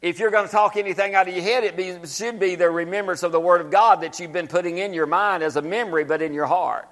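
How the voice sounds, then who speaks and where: High-voiced preaching man in echoey hall. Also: fairly even intonation, fast talker, a bit bright. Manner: preaching with call-and-response, repeating scripture lines. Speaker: pastor. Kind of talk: sermon. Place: church sanctuary.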